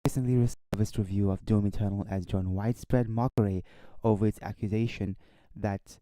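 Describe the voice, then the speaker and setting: Casual male streamer, smooth, dry close-mic sound, rambling and self-correcting. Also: on the low side, fairly even intonation, brisk, dark tone, no room sound. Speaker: live-stream host. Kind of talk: casual live-stream chat and news reading. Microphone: desk microphone.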